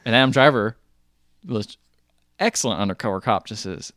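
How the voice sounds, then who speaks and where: A man co-hosting a podcast, casually retelling movie scenes and quoting the characters in quick offhand voices. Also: fairly low pitch, fairly bright tone, no echo, studio quality. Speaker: podcast co-host. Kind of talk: casual movie recap chat.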